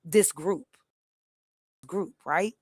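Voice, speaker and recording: A woman's voice: fairly low pitch, very slow, slightly rough, no echo. Middle-aged woman, live-stream host, emphatic chatty storyteller, dry close sound. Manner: animated, emphatic storytelling with many restarts.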